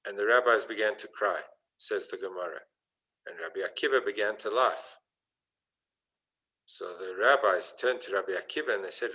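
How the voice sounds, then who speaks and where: Bright-voiced man preaching a sermon. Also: fairly low pitch, normal speed, pauses often, low-quality recording. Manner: storytelling, rising to fervent emphasis. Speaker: rabbi.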